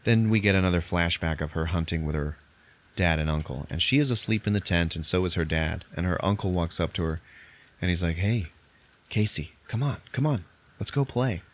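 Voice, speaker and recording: Laughing man recapping a movie. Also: sits low. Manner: acts out characters' lines in quick impressions, laughs often. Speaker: podcast host.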